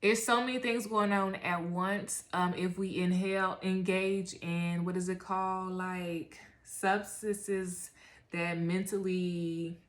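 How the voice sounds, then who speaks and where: Slangy, emphatic woman astrologer, low voice. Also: fairly even intonation, slow pace. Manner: slangy, emphatic, repeats phrases. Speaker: astrologer and tarot reader. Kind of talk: casual spiritual reading.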